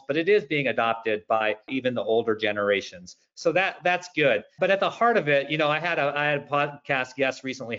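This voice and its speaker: A man's voice: medium pitch, a bit bright, dull audio. A man speaking as a panel guest on a webinar, telling personal stories in a conversational way. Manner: storytelling, conversational. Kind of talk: webinar discussion.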